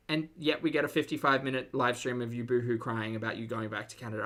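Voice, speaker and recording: A woman's voice: a bass voice, little pitch movement, fast, few pauses, a bit bright. A woman streamer reacting to videos with sarcastic, mocking commentary.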